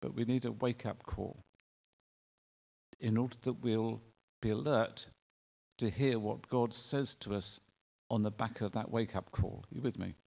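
A male preacher delivering a sermon in an earnest way, with drawn-out emphatic phrasing and rhetorical questions. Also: lowish voice, fairly even intonation, gravelly, darkish tone. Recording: long reverb of a large hall.

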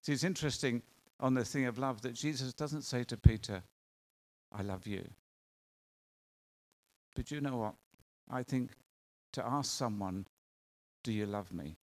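A man's voice: medium pitch, a little slow, long pauses. A man preaching a sermon in an earnest, conversational way, asking the congregation questions.

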